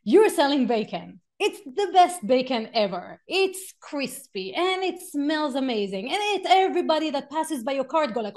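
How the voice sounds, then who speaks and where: A middle-aged woman teaching a live workshop, animated, acting out quotes and stories and laughing often. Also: high-pitched, normal speed, few pauses. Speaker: workshop speaker.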